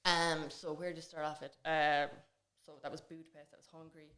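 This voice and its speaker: A woman's voice: low-pitched, flat delivery, fairly quick, a crowd in the background. A woman chatting as a podcast guest, telling stories in a loose, rambling way with many fillers. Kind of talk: casual chat.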